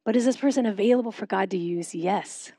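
A woman pastor giving a sermon, posing questions and leading a guided silent prayer in a measured, unhurried way. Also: mid-range voice, breathy edge, no echo, clean studio sound. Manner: measured, slowing into soft reflective pauses.

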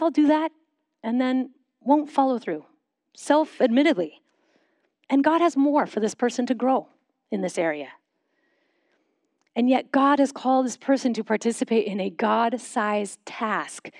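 A woman pastor giving a sermon, posing questions and leading a guided silent prayer in a measured, unhurried way. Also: on the high side, no echo, studio quality. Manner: measured, slowing into soft reflective pauses.

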